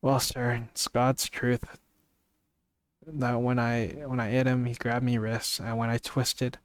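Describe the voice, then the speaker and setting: A man's voice: mid-range voice, flat delivery, slow pace, clean tone, close to an everyday voice. A man reading the lines of a frightened young manservant and former soldier who rambles and repeats himself. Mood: shaken. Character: young male servant, ex-soldier, frightened but blunt.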